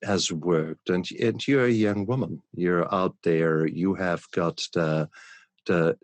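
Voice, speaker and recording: A man hosting a podcast interview, asking questions in a relaxed, measured way. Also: sits low, dry recording. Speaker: podcast host. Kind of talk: conversational interview.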